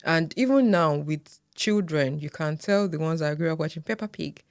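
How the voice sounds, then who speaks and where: A woman co-hosting a podcast in relaxed casual chat, often murmuring agreement. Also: low voice, moderate pace, no echo, studio quality. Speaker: podcast co-host.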